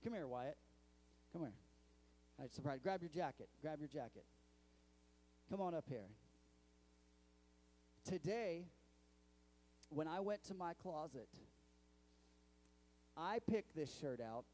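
A man's voice: on the high side, animated, slow pace, pauses often, a little mellow. A young male pastor preaching a sermon in a church, telling stories in a conversational way with many restarts. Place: church sanctuary.

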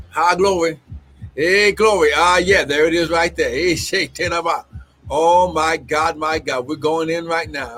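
Fervent high-voiced man prophesying. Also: breathy edge. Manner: fervent, breaks into shouts and tongues; constant exclamations of "glory". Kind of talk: live-streamed prophetic ministry.

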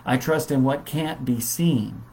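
A man preaching in a relaxed, conversational Bible study style, with many fillers. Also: medium pitch, unhurried, a little hiss or hum, rough recording. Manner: conversational, warm storytelling with fillers.

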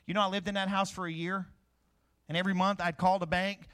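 A man's voice: sits high, level tone, fast, a bit bright. A middle-aged man preaching a sermon, asking questions and answering them himself.

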